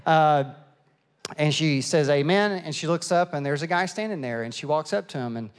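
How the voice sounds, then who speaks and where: A middle-aged man preaching a sermon and telling a lively, self-mocking story, acting out the people in it. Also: on the high side, moderate pace, clear, resonant tone. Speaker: pastor. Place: church auditorium. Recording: long hall reverb.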